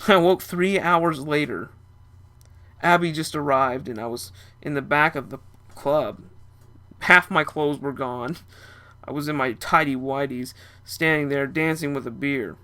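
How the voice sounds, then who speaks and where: A man's voice: fairly high pitch, a little slow, bright, forceful tone. A young man narrating a first-person story in a casual, chatty way.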